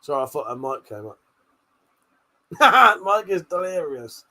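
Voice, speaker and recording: A man with a fairly high, sing-song voice hosts a live stream, speaking unhurriedly in a pushed, bright tone. He laughs and swears as he reads viewer comments aloud in casual stream chat.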